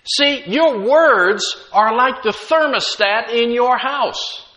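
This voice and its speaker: Slow, high-pitched preaching man. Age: middle-aged. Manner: emphatic preaching with swings between loud and quiet; humorous storytelling asides. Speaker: pastor. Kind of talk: sermon.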